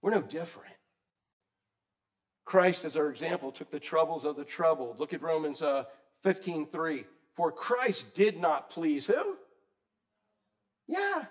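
Guy preaching, kinda high voice, talks to the crowd, asks em stuff, gets loud then quiet. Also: unhurried, pauses often. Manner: animated, conversational, swings loud and soft; asks the congregation questions. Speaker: pastor. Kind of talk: sermon.

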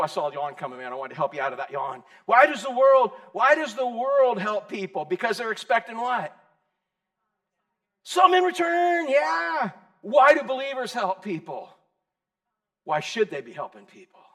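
A man in his sixties preaching a casual, lively sermon, calling listeners dude and bro. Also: sits high. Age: 60s. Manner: animated, slangy, calls the audience dude and bro. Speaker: pastor.

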